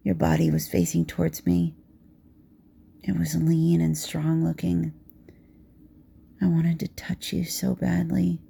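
Soft, gravelly woman telling an intimate story. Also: fairly low pitch, little pitch movement, unhurried. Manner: soft and intimate, slipping into whispers. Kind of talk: intimate second-person romance narration.

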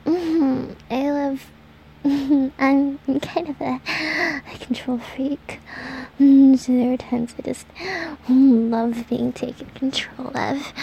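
Woman, high voice, still has her morning rasp; breathy, halting solo audio. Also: a little hiss or hum. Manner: halting, breathy, with frequent sighs and soft laughs. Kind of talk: intimate solo audio recording.

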